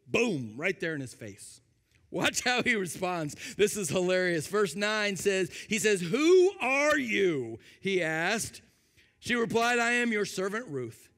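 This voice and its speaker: Male pastor, high voice, animated delivery that acts out voices, recorded in a big hall with long reverb. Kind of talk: sermon.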